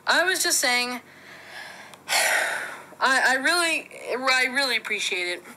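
A woman voicing a bashful male toy creature who has won a contest, talking haltingly and repeating himself. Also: high-pitched, expressive, pushed and bright, full character voice, low-quality recording.

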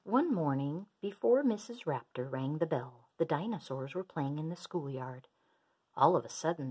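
A woman reading a children's rhyming picture book aloud in an expressive, sing-song way. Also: sits low, normal speed, husky. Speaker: storyteller.

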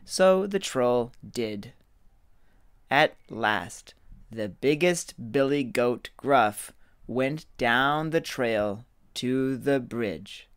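Slow, deliberate male storyteller. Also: mid-range voice, lively intonation, clean tone, dry recording, studio quality. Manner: slow, deliberate reading aloud. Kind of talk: children's story reading.

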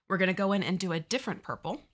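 A woman's voice: medium pitch, fairly bright tone, slightly rough. A woman teaching miniature painting on a livestream, chatting casually and laughing easily. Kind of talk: casual chat and painting instruction.

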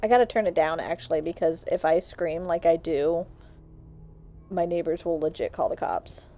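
A woman's voice: lowish voice, normal speed, dark tone, soft background music. A young woman streaming a horror game, scared and swearing as she talks to her chat. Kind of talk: live gameplay commentary.

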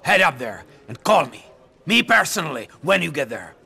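A man's voice: on the high side, big pitch swings, moderate pace, gravelly, pushed and bright, husky, exaggerated voice. A man playing a volatile, paranoid male mob boss in a video game, swinging from laughter to menace. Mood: menacing.

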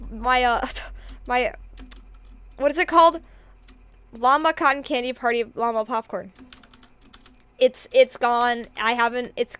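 A woman's voice: on the high side, a bit bright, smooth. A woman streaming a game, chatting casually in a bubbly, giggly way while reading chat aloud.

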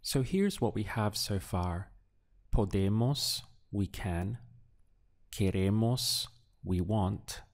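A man leads an audio language lesson at an unhurried pace. He speaks each prompt deliberately, then leaves a pause for the listener to answer. His voice sits on the low side. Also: animated. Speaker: Spanish teacher.

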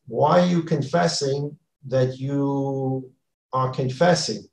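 A man's voice: a little high, darkish tone, reverberant, rough recording. A man teaching a Torah class as a rabbi, earnest and repeating key phrases for emphasis, weaving in Hebrew and Yiddish terms. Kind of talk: Torah lecture.

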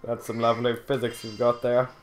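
A young man bantering over a video game, teasing his friend with deadpan insults. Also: mid-range voice, fairly quick. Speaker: co-host commentating a let's play. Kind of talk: casual banter.

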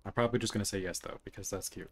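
Guy streaming a game, kinda low voice, chatting softly at the screen. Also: steady tone, rapid-fire, slight background noise. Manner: soft, chatty reactions, talks to the game. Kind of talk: live game playthrough commentary.

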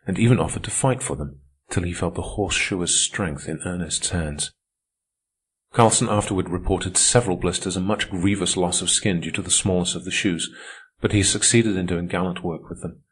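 A man reading an audiobook as narrator, in a measured, steady way. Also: low voice, husky. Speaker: audiobook reader. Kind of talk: scripted narration.

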